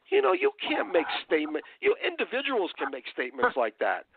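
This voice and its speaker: A man launching into a furious, profanity-laced political rant, his fairly high voice swinging widely in pitch as he hammers each point. He comes through a tinny phone line with a dry, close sound. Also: huge pitch swings, fairly quick, creaky, few pauses, husky, dry recording. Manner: angry, profane, emphatic ranting. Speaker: legal analyst guest.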